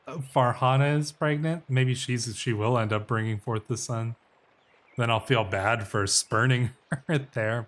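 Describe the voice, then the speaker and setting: A man talks through his strategy game as a role-play, speaking as the ruler he plays. He muses aloud, stops to correct himself, and reads event text in a slightly theatrical voice. His pitch sits in the middle range. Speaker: game let's player.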